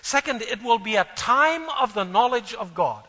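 A man preaching a sermon and reading scripture aloud, earnest and swelling louder on key phrases. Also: high voice, animated, measured pace, long pauses, breathy edge, big-room sound, poor audio.

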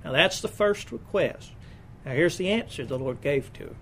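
A man's voice: fairly high pitch, animated, moderate pace, slight background noise. A man preaching a sermon, reading scripture aloud and stopping to explain it in plain asides. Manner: reads King James verses then explains them in plain asides.

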